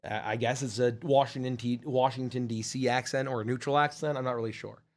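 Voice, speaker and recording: A middle-aged man from Maryland answering questions in a dry, low-key way. He swears casually and keeps an unhurried, plain delivery. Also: steady tone. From Maryland, USA. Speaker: host of a crowdfunding Q&A stream. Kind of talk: casual livestream Q&A.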